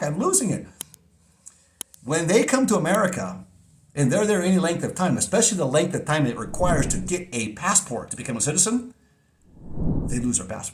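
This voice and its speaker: Male vlogger, emphatic and earnest; pitch swings widely, mid-range voice. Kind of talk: casual monologue.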